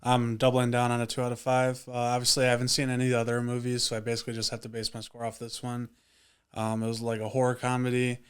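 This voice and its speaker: A man's voice: mid-range voice, completely flat delivery, fast talker, clear, resonant tone. A man co-hosting a casual movie review chat, talking in a laid-back way. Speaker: podcast co-host.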